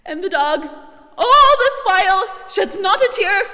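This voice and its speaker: A woman's voice: very high voice, measured pace, full character voice. A woman playing a lamenting comic male servant. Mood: mock-grieving. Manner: mock-tragic, animated comic delivery. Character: comic young male servant lamenting over his dog. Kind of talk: amateur Shakespeare stage acting. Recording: long reverberant echo.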